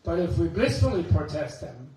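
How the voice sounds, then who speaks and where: A man giving a Buddhist talk, an animated storyteller with chuckling asides, recorded in a temple hall. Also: fairly high pitch, normal speed, slight background noise. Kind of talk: dharma talk with anecdotes. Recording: echoey hall, mic at a distance.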